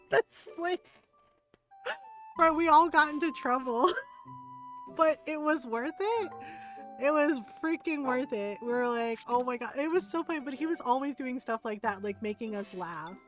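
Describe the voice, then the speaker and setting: A woman's voice: high-pitched, lively intonation, normal speed, fairly bright tone. Chatty woman streamer telling stories. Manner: chatty, often adds "right?". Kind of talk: casual storytelling chat. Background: background music.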